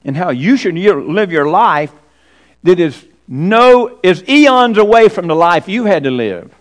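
A man preaching a sermon in a high, very lively voice that swoops across its range. He leans on rhetorical questions and emphatic repetition. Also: a little slow.

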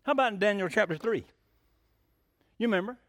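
Male preacher, high-pitched, folksy and excitable, close dry recording. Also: brisk, no room sound. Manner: excitable, rising to near-shouting, rhetorical questions; folksy, plain-spoken. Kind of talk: sermon.

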